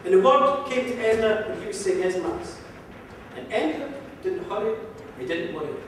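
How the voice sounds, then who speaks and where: In a museum hall, an Irish storyteller recounts an old folk tale with a lilting rhythm, using a high, fairly bright voice and lively intonation at a moderate pace. The distant mic gives an echoey sound. Slight background noise is present.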